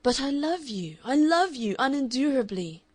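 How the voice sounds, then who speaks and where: A woman's voice: mid-range voice, lively intonation, moderate pace, a little mellow, no echo. A woman reading a lovesick pleading man. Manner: urgent, pleading, emotional. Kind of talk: audiobook character reading.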